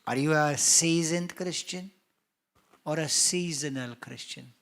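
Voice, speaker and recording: A male pastor with a Maltese accent preaches in a church, bright and forceful in tone. He drives his points hard and slips into quick voices for the people he describes. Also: a little high. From Malta. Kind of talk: sermon.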